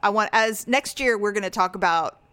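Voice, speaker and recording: A woman co-hosting a podcast, telling stories in a chatty, animated way with quick asides. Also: mid-range voice, no room sound. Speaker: podcast co-host. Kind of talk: casual chat.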